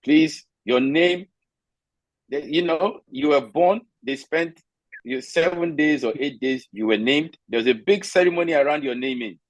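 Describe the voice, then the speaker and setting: A man's voice: a little high, no echo, rough recording. A man from Nigeria on a video call, telling stories from his own life and giving firm, candid advice. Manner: emphatic, candid storyteller, gives firm advice.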